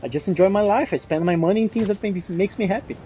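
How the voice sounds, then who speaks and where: A man giving rambling, excitable gameplay commentary as a gaming channel host, often restarting his sentences. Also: sits high, fast talker, a little hiss or hum.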